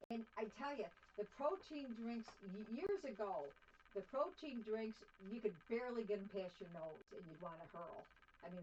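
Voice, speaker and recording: An older woman chats away like everyone's grandmother, giving advice and reacting to her viewers. Her voice sits in a middle pitch, and the home stream audio is a little dull with a faint hiss underneath. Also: a little mellow. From Minnesota. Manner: chatty, motherly, folksy. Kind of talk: casual chat.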